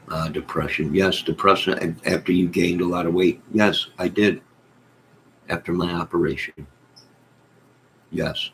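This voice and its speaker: Slow, deep-voiced man chatting on a livestream. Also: fairly bright tone, slight background noise, low-quality recording. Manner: rambling, joking storyteller with drawn-out asides. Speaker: livestream host reading chat. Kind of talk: casual livestream chat. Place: at home in bed.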